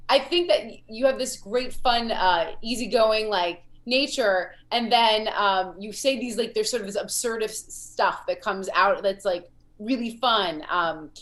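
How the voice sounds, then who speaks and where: A woman's voice: medium pitch, animated, a little slow, hardly any pauses. A woman in her thirties hosting over a video call, giving a comic rambling, encouraging feedback. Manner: warm praise, rambling with fillers and restarts.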